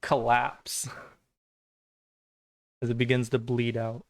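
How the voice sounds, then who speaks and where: A man acts as game master for a tabletop game, narrating what the enemies do and asking for rolls in a plain, matter-of-fact way. His voice sits at a middle pitch. The recording is dry, with no room sound. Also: level tone, extremely slow, gravelly, no echo.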